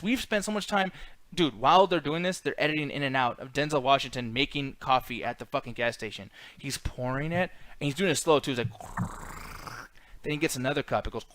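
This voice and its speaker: A man's voice: a little high, a bit bright, a little hiss or hum. A man co-hosting a casual movie review podcast, ranting in an exasperated, profane way. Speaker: podcast co-host.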